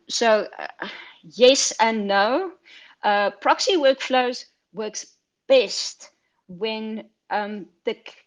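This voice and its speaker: A woman film editor, speaking candidly over a video call in an online Q&A, chatty and full of fillers and asides. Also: fairly high pitch. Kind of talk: online Q&A talk.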